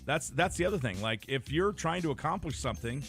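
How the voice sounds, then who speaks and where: A man hosting a radio show, bantering in a wry, joking way with deadpan asides. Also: on the high side, fairly quick, soft background music. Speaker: radio host. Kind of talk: casual morning radio banter.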